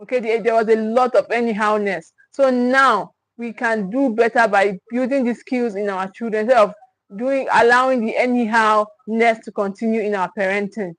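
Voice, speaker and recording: A woman's voice: on the high side, fairly even intonation, moderate pace, dry recording, poor audio. A woman, a parenting coach teaching on a livestream, stressing and repeating her key points and checking in with viewers. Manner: emphatic, repeats key phrases; speaks directly to the viewers, with check-ins.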